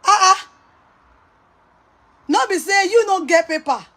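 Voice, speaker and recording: Woman, Nigerian accent, high-pitched, mocking, scolding, casual rant to viewers. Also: animated, takes it slowly, sharp tone. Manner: mocking and scolding, laughs often. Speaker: online commentator.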